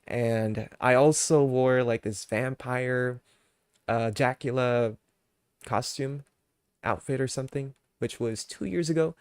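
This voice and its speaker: A man's voice: medium pitch, smooth, dry recording, clean studio sound. Laid-back rambling streamer man. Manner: laid-back, rambling, many fillers, quick to laugh. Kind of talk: casual chat.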